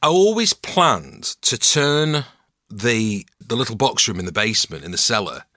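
A middle-aged man with a Mancunian accent, telling stories as a podcast guest in a relaxed, self-mocking way. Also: lowish voice, normal speed, dry recording, studio quality. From Manchester, England. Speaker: guest actor and voice-over artist. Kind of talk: casual podcast chat.

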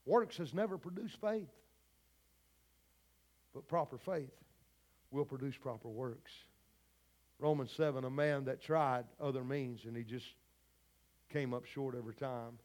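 Medium in pitch and a little mellow, the pastor speaks somewhat slowly with frequent pauses. He gives a fervent, folksy sermon at a church service, talking directly to his congregation in the pews.

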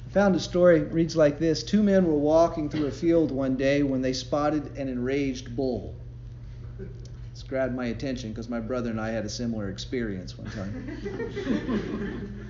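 This devotion speaker's voice is on the high side and a little mellow, with slight background noise. His sermon is conversational, built on storytelling and punctuated by laughter, and the recording sounds roomy and slightly dull with faint ambience.

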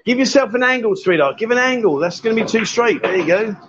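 A man's voice: high voice, animated, quick pace, lo-fi sound, heavy background noise. A man hosting a casual live stream from a bar, cheerfully coaching women at a pool table and calling them sweetheart and darling. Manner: cheery, coaxing, says "sweetheart" and "darling" a lot. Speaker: host.

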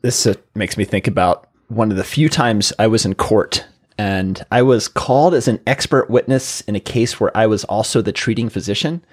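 A man hosting a medical podcast, an emergency physician who chats casually and tells self-deprecating stories from his work with animated energy. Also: on the low side, moderate pace. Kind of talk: casual chat, anecdotal storytelling.

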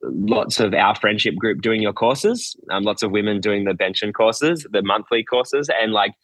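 Aussie guy on a video call, earnest, lots of "like" and "you know", lowish voice, dry sound. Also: no echo, rough recording. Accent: Australian. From Australia. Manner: earnest and warm, halting with fillers. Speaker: podcast guest. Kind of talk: casual remote chat.

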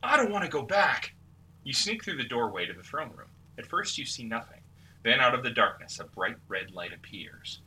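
A man's voice: mid-range voice, big pitch swings, moderate pace, sharp tone, slight background noise. Sex: male. Role: joking game master. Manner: jokey, breaks narration for asides. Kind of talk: narrating a tabletop adventure. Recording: distant mic with background music.

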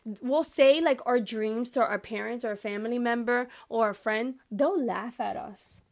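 On her podcast, a young woman reads the Bible out loud and discusses it casually, with lively emphasis and direct address to listeners. Her voice is a little high, and she speaks at a normal speed.

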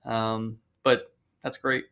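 A man's voice: fairly low pitch, flat delivery, takes it slowly, sharp tone, smooth. A man co-hosting a podcast, responding in an affirming, conversational way. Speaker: podcast co-host. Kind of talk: casual chat.

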